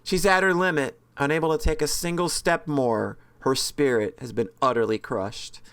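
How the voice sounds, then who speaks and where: A man's voice: a little high, fairly even intonation, normal speed, fairly bright tone, smooth. A man reading a horror visual novel's narration aloud with casual, joking asides and frequent self-corrections. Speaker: let's-play host reading a visual novel.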